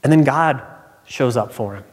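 This pastor talks through his sermon like a conversation, sharing his own stories and unpacking scripture. He speaks at medium pitch and moderate pace, and the big hall adds a long reverb.

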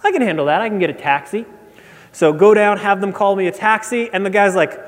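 High-voiced storytelling preacher man. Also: quick pace. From Nebraska. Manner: animated, self-mocking storyteller. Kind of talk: storytelling sermon. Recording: long hall reverb.

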